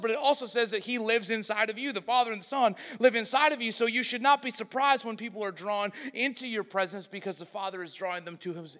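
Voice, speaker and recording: Guy preaching a sermon, high bright voice, big echoey hall. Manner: swings between loud and hushed, acts out quoted voices. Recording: long hall reverb.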